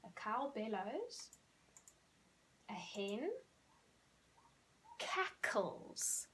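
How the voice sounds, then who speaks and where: A woman, teaching young children animal sounds in a recorded lesson, speaking slowly and clearly and drawing out the sound words. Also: a little high, expressive, a little hiss or hum. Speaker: primary school teacher.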